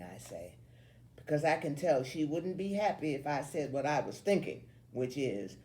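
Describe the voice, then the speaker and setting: A woman reading a children's novel aloud in an expressive, animated way. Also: low voice, normal speed, a little hiss or hum. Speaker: story reader.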